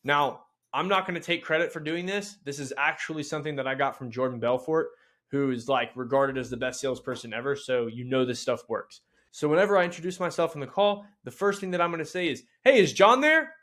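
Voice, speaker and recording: A man giving a sales training lesson in a blunt, casual, energetic way, with mild swearing. He acts out phone lines with a bright, rising tone. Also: mid-range voice, fast talker. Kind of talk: instructional video talk.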